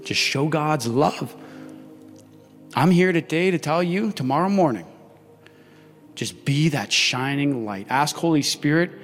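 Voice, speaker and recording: A man's voice: fairly high pitch, a little slow, long pauses, soft background music. A young man preaching a sermon, animatedly acting out the voices in his story. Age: young adult. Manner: animated, acts out dialogue in story. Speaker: pastor. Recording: long hall reverb.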